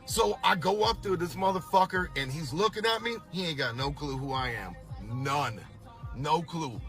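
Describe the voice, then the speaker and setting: Bright-voiced man telling a profane story. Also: fairly high pitch, moderate pace, faint music behind. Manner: animated, swears constantly, challenges doubters. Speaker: storyteller recounting a past tour.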